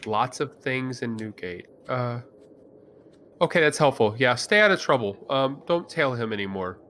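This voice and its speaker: A man's voice: medium pitch, animated, moderate pace, fairly bright tone, slight background noise. A man playing his character at a tabletop game, hesitant and wry, with lots of fillers. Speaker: player.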